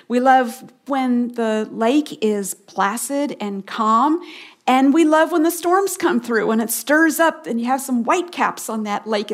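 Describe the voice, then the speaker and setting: A woman giving a radio Bible teaching as the host. She is earnest and emphatic, repeats key phrases, and sometimes drops to a soft hush for stress. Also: a little high.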